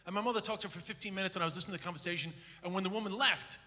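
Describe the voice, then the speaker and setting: A man's voice: sits high, very fast. A man, a comedian, telling stories with lots of swearing at a live interview in front of an audience. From Ireland. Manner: swearing, storytelling, animated. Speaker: comedian guest. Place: large hall with live audience. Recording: echoey hall with audience.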